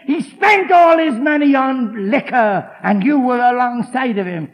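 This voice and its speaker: Man, preacher, very high voice, emphatic sermon, storytelling, forceful delivery. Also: animated, a little slow, rough recording. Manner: emphatic, forceful, acts out the people in his stories.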